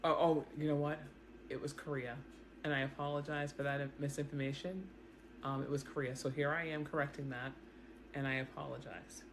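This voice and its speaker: Animated woman explaining to camera. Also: sits low, fairly quick, a little hiss or hum. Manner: animated, repeats words, talks straight to viewers. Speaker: news commentary vlogger. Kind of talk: casual explanatory commentary to camera. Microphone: self-recorded camera setup.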